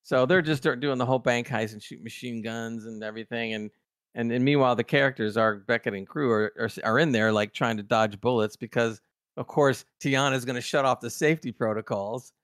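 Here a man co-hosts a casual podcast. He retells TV scenes with animated, excitable energy and acts out his own reactions. His voice sits mid-pitched, and the recording is dry and close. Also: brisk, dry recording. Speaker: podcast co-host. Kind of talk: casual TV review chat.

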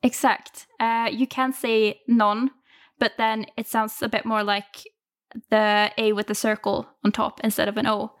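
Swedish woman gently tutoring pronunciation. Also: on the high side, level tone, normal speed. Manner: patient, encouraging corrections. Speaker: language tutor. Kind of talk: casual language lesson.

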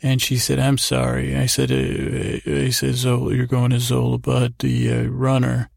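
A man with a deeply gravelly, fry-laden voice wanders through an improvised bedtime story, circling back and repeating "I said" as he trails off. His delivery is low-key and drowsy, and the sound is close and dry, with no room around it. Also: completely flat delivery, measured pace, darkish tone, no echo. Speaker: podcast host. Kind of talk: rambling improvised sleep story.

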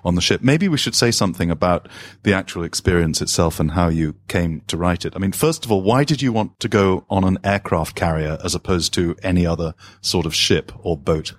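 A man interviewing an author at a live event, asking measured questions and prompting with short murmurs. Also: low voice, no echo.

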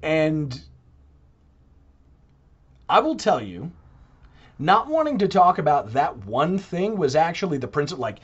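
A man talking in a casual podcast monologue, animated and putting on mock voices when he quotes others. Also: on the high side, husky, dull audio. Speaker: Catholic podcaster.

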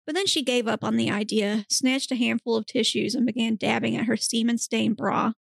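Gravelly woman narrating a comic reading. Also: a little high, fairly even intonation, brisk, dry recording, studio quality. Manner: straight-faced narration, breaks into giggles. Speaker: podcast host narrating. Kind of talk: comedic reading of erotic fiction.

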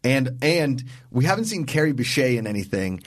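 A man's voice: mid-range voice, sing-song, moderate pace, dry recording, clean studio sound. A man co-hosting a podcast in casual chat, rambling and joking as he talks through films and actors. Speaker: podcast co-host.

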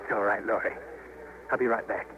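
An actor playing an earnest young trapper with a plainspoken, folksy drawl, in a 1950s radio drama. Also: male voice, on the low side, fairly even intonation, a little fast, lightly acted. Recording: hissy 1950s radio broadcast.

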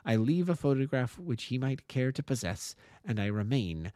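A man voicing a sly, poised young actress who writes a measured, teasing farewell letter. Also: mid-range voice, very animated, mellow, no room sound, clean studio sound, lightly acted.

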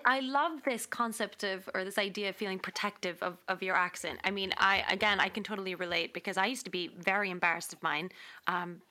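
Woman host, bright tone, measured, thoughtful questions, interview chat. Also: mid-range voice. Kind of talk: conversational interview.

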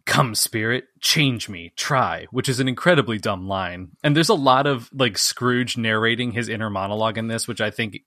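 A man's voice: medium pitch, fairly quick, few pauses, fairly bright tone, no echo, clean studio sound. A man co-hosting a podcast who recaps a film scene by scene in casual chat, peppered with "like". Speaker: podcast co-host.

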